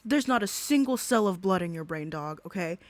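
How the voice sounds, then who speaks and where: A woman's voice: fairly low pitch, animated, normal speed, dry recording. A woman giving a profane reaction commentary, ranting angrily and swearing heavily. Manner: angry, ranting, heavy swearing.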